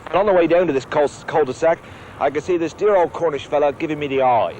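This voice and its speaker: Brisk MP telling a lively tale. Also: male voice, a little high, slight background noise, poor audio. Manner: lively, mimicking voices. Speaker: member of parliament. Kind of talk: anecdote with acted dialogue.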